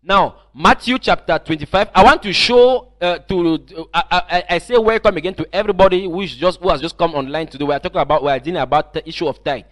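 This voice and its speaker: A male preacher with a slightly raised pitch delivers an online teaching sermon. He speaks emphatically, circling back and repeating words as he builds his points. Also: fast, few pauses, a bit bright. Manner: emphatic, repeats and restarts phrases.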